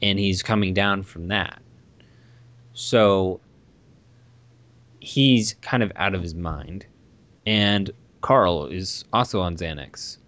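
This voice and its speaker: A young man chatting casually, telling a rambling roommate story with lively asides. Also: low voice, slow pace, long pauses, no room sound. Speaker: guest storyteller. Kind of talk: casual chat.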